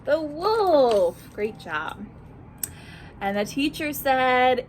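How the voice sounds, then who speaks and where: A woman who is a children's librarian, reading a picture book aloud at storytime and quizzing young listeners in an animated, sing-song way. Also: sits high, extremely slow, a little hiss or hum.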